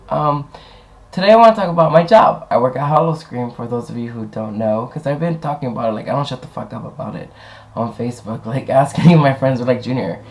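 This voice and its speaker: A man's voice: medium pitch, a little mellow, low-quality recording. A young man talking casually to a webcam, rambling and swearing as he tells stories. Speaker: vlogger. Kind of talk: casual chat.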